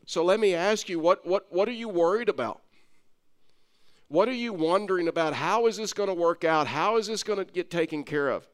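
A man's voice: sits high, clean tone. A man preaching a sermon to listeners at home, earnest and repeating his phrases for emphasis. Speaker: pastor.

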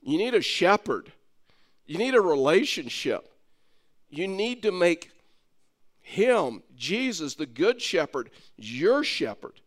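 A man preaching a sermon to listeners at home, earnest and repeating his phrases for emphasis. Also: high voice. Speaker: pastor.

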